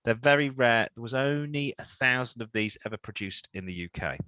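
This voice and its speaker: A man's voice: medium pitch, lively intonation, a little fast, bright, forceful tone, dry recording, rough recording. A man co-hosting a car podcast, chatting casually and rambling with fillers. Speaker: podcast co-host.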